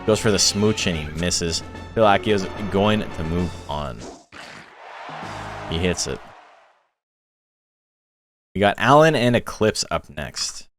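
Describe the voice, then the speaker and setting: Laid-back low-voiced man commentating games. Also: slow pace, long pauses, faint music behind. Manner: relaxed, chatty, laughs while telling stories. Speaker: tournament streamer and commentator. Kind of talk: casual live-stream commentary.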